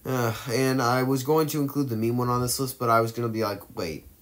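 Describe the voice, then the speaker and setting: A man's voice: medium pitch, level tone, quick pace. A man giving casual commentary as he ranks films for a tier list, hesitant and rambling, with frequent fillers and corrections of himself in mid-sentence. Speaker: movie tier list vlogger.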